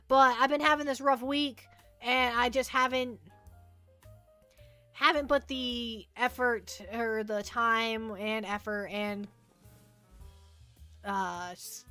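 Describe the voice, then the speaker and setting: On her livestream, a woman answers viewer questions in a loose, rambling chat, often repeating herself and making self-deprecating jokes. She has a fairly high, bright voice with a forceful tone.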